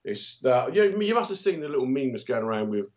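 A man's voice: medium pitch, big pitch swings, quick pace, a little mellow, muffled recording. A man casually chatting on a podcast, jokey and opinionated with wry asides. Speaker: podcast co-host. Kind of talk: casual chat.

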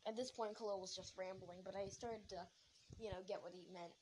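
A woman's voice: mid-range voice, fairly even intonation, brisk, a little mellow, a little hiss or hum, low-quality recording. A young woman telling a story casually. She rambles, uses lots of fillers, corrects herself and laughs now and then.

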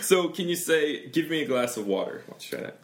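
A man's voice: on the high side, sing-song, a little fast. A man with an American accent hosting a bilingual podcast lesson, chatting easily and laughing often as he explains pronunciation. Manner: chatty, laughs often, switches between English and Korean. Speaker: podcast host and pronunciation teacher.

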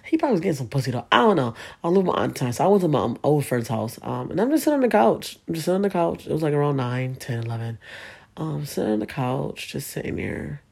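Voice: medium pitch, very animated, fast, creaky, darkish tone, husky. A speaker telling a painful personal story in a casual, candid way, swearing often and speaking with emotion.

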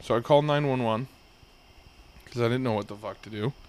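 A young adult man hosting a podcast, telling a long, rambling story full of profanity in a relaxed, casual chat. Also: medium pitch, brisk. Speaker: podcast host.

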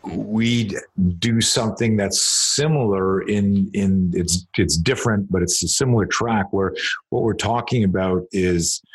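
A man's voice: on the low side, measured pace, breathy edge, poor audio. A man who is a guest on a podcast, explaining his ideas thoughtfully in casual talk and using examples. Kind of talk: casual conversational interview.

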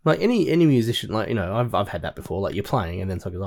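A man's voice: fairly low pitch, sing-song, rapid-fire, creaky, a little mellow. A man co-hosting a casual film podcast, rambling with many fillers as he talks about music. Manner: rambling, lots of "like" and "you know". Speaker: podcast co-host.

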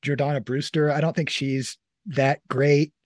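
A man's voice: a little high, flat delivery, measured pace, dry recording. A man hosting a movie podcast, chatting casually and rambling with lots of filler words. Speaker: podcast host. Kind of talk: casual movie review chat.

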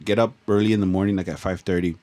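A man's voice: deep voice, steady tone, rapid-fire, a little mellow. A man telling a story in casual, slang-heavy chat, cursing freely. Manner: laid-back slang-heavy swearing. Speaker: podcast co-host.

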